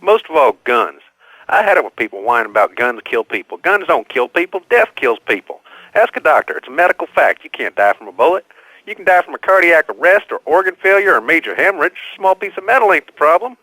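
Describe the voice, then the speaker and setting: A folksy, gun-loving caller. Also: male voice, fairly high pitch, big pitch swings, fast, bright, forceful tone, no echo, heavily acted, poor audio. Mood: self-assured. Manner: folksy, self-assured. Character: gun-loving male caller, confidently dim.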